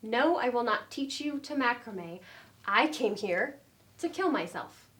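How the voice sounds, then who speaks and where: Bitter deadpan woman, dark humour, played by an actress; bright, sharp tone, slightly high. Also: unhurried. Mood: dry. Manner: deadpan, dry, hesitant with ums. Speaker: actor in a scene. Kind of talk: stage comedy scene. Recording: faint noise in a training studio.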